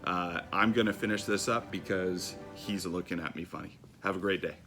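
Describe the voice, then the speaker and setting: A man's voice: low voice, steady tone, moderate pace, music in the background. A man reading school sports announcements in a plain way with frequent fillers.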